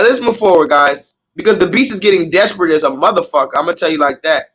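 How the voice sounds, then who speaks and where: A man's voice: on the high side, fast, few pauses, fairly bright tone, husky, low-quality recording. A man hosting a live stream, ranting in a sarcastic, mock-pleading and profane way. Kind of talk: livestream commentary rant.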